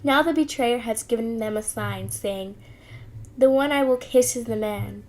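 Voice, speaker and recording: A woman reading scripture aloud in an earnest, steady way, with small restarts. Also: on the high side, measured pace, rough recording. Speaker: Bible reader.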